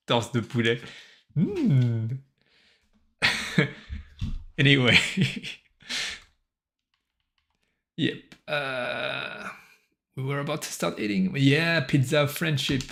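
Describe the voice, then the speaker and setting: A man's voice: medium pitch, lively intonation, extremely slow, vocal fry, long pauses, fairly bright tone. A French-accented man with a slightly sore throat, chatting in a rambling, self-amused way while streaming as a solo game developer. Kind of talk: casual livestream chat.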